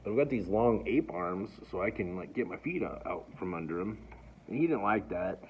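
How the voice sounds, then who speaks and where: A man's voice: low voice, expressive, moderate pace, slight background noise. A man telling a personal story in a casual, rambling way, often stammering and restarting. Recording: dull lo-fi recording.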